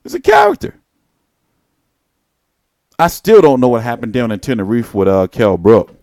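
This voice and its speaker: A man's voice: mid-range voice, lively intonation, brisk, warm tone, dry recording, studio quality. Profane, rambling male boxing host. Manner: profane, rambling, blunt street talk. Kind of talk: casual live boxing commentary.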